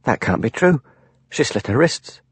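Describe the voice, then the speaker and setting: A man's voice: medium pitch, very animated, normal speed, slightly rough, no echo, pitched above the performer's own voice. A man voicing a haughty, prickly actress who answers defensively, in a raised voice. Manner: affronted, defensive.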